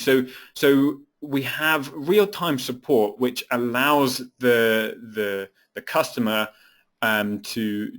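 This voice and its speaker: A man, an application engineer presenting a technical software webinar, explaining steadily with frequent fillers and repeated words. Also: mid-range voice.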